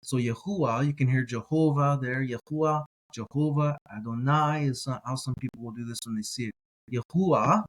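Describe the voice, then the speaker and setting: A man teaching a slow reading lesson in Hebrew, repeating each word several times and correcting himself as he goes. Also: mid-range voice, fairly even intonation. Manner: careful, self-correcting.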